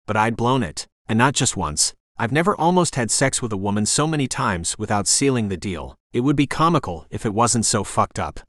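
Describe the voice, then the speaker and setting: A man's voice: on the low side, a bit bright, dry recording, studio quality. A man narrating a first-person romance audiobook as a brooding inner monologue.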